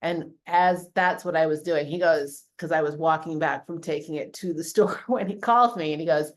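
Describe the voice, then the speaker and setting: Southern lady fitness coach, kinda low voice, rambly chatty storytelling w lots of likes and kindas. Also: moderate pace, few pauses. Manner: chatty storyteller with many fillers. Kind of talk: casual group call talk.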